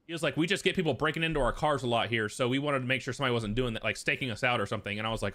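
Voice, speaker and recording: A man's voice: mid-range voice, animated, very fast, few pauses, pushed and bright. A young man casually telling a long, rambling story, swearing often and filling it with "like". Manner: profane, rambling, full of fillers. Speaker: streamer.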